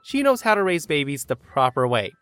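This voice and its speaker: A man's voice: a little high, sing-song, brisk, fairly bright tone, clear, resonant tone, no room sound. A man voicing a pushy, meddling mother-in-law who talks in a bossy, overbearing way.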